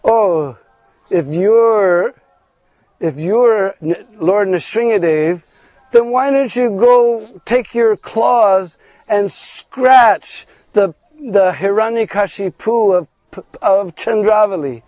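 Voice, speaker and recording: A man doing a bold young cowherd girl who taunts the boys, raised high and loud with a gravelly edge. She is a storyteller's put-on voice. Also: fairly even intonation, moderate pace, no room sound. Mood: taunting. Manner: teasing, taunting.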